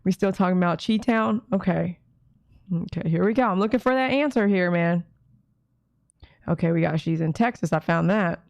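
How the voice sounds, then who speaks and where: A woman's voice: on the low side, moderate pace, creaky, long pauses, a little mellow, dry recording. Chatty woman groomer hosting a watch party. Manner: chatty, reads viewer comments aloud, teasing. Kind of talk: casual live-stream chat.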